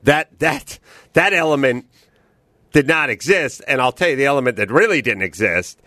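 Man ranting, pitch all over the place. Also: measured pace, pauses often, no echo, studio quality. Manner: animated, heavy swearing. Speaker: podcast host. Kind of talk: profane comedic rant.

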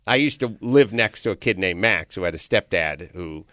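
A man's voice: low-pitched, moderate pace, no echo, clean studio sound. A man co-hosting a podcast, telling a profane, comedic story and acting out what people said. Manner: animated storytelling, acts out quotes, profane. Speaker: podcast co-host. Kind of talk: casual comedic rant.

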